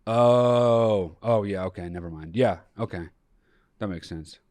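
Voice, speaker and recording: A man's voice: lowish voice, unhurried, darkish tone, no echo. A young man hosts a podcast with loose, profane chatter and mock fury. His voice sounds a little nasal from a recent illness. The sound is dry and close. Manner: profane, jokey, exaggerated mock outrage. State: slightly nasal after illness. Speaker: podcast host. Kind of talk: casual podcast chat.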